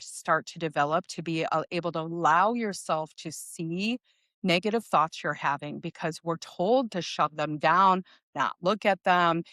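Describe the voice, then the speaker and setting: A woman's voice: lowish voice, no echo, clean studio sound. Chatty middle-aged woman podcast host. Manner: chatty, addresses listeners as "you guys"; softer and quieter while leading tapping. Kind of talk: casual talk with guided EFT tapping.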